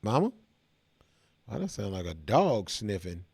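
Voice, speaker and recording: Laid-back middle-aged man, low dry voice. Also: moderate pace, darkish tone, no echo. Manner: laid-back, chatty, addresses viewers directly. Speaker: reaction video host. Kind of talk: casual reaction commentary.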